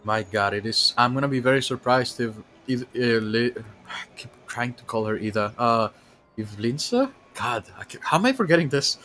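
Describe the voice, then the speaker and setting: Chatting casually while he streams a game, this man rambles from thought to thought, often using fillers and restarting. He has a mid-range, expressive voice with a bright, forceful tone at a moderate pace, plus slight background noise.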